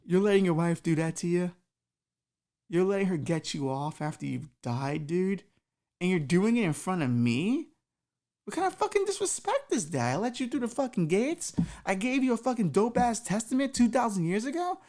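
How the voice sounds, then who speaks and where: A woman's voice: on the low side, lively intonation, normal speed, voice pushed up. A woman voicing a crude, slangy male Jesus with a short temper. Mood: outraged. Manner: slangy, swearing, rising to angry shouts.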